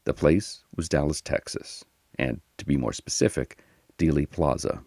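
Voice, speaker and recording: A man narrating a history podcast in a measured, solemn scripted style. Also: rumbling low, mellow, breathy edge, no room sound, studio quality.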